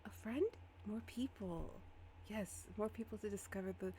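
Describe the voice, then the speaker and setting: A woman's voice: mid-range voice, moderate pace, mellow, natural voice. A woman voicing a fussy, dramatic male flame-spirit librarian who gets flustered and exasperated. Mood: excited.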